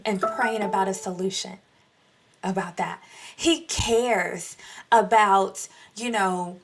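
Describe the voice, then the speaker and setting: A woman delivers a devotional talk, preaching with lively emphasis and speaking straight to her listeners. Her voice sits a little higher than most women's. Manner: animated preaching, addresses listeners as y'all. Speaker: Christian podcast host. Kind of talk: devotional teaching.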